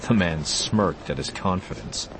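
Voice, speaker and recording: A man's voice: low voice, measured pace, a bit bright, a little hiss or hum. A man narrating an audiobook expressively, voicing the character lines too.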